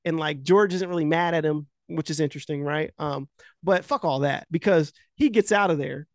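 A man with a fairly high voice retells a movie scene in a loose, rambling way, packing every sentence with filler words and swearing freely. He gets animated as he goes. The recording is dry and close, with no room sound. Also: normal speed, dry recording. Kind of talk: casual chat.

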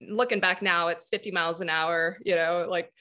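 A woman guest telling stories about her childhood in a relaxed casual interview, laughing often. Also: fairly low pitch, normal speed. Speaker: guest athlete.

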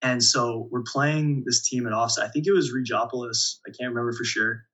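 A young man talks through his playing days in a relaxed interview, chuckling as he goes. His voice is bright and a little husky. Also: medium pitch, fairly quick, low-quality recording. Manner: relaxed storyteller, many restarts and chuckles. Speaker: volleyball player guest. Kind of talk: casual interview storytelling.

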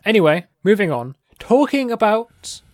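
A man's voice: high voice, very animated, moderate pace, no echo, clean studio sound. Light-voiced, giggly British man. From United Kingdom. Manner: chuckles often, steers topics. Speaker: podcast co-host. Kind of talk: casual chat.

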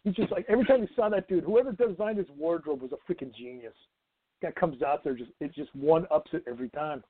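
A man's voice: a little high, quick pace, no echo. A man calling in to a podcast, telling rambling stories and laughing often. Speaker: phone-in guest. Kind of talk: casual podcast chat. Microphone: phone call. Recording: tinny phone line.

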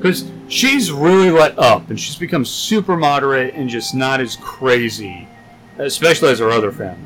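A young man co-hosting a podcast, casually telling a long story and acting out the quotes in higher voices. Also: lively intonation, moderate pace, fairly bright tone, faint music behind, low-quality recording. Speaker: podcast co-host. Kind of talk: casual chat.

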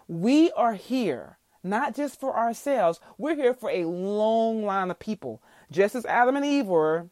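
A woman's voice: mid-range voice, a little mellow, no room sound. A woman hosting a faith podcast, telling a heartfelt testimony and teaching scripture in a preacherly way. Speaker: podcast host.

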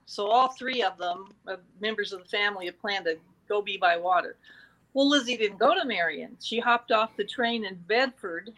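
Chatting casually, a woman with a mid-range voice recounts a true-crime case with lots of energy, performing the quotes from the record as she goes. The recording is rough.

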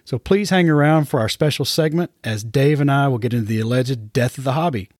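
A man's voice: medium pitch, dry recording. Male podcast host, laid-back and conversational, mid voice, dry close recording. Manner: relaxed, unhurried, trailing off with fillers. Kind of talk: casual podcast chat.

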